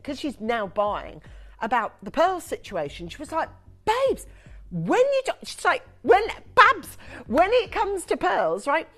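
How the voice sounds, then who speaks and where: Gushing woman pitching live. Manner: chatty, gushing, emphatic. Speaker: shopping channel presenter. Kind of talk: live TV sales patter. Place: TV studio.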